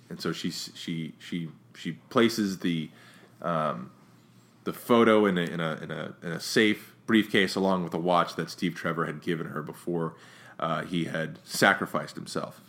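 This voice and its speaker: A man with a very low, deep voice talks through a film review in a loose, offhand way. He rambles and restarts often, and livens up when he gets to his complaints. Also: unhurried. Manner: rambling, frequent restarts and fillers; opinionated, gets more animated when critiquing. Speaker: movie reviewer. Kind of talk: casual spoken movie review.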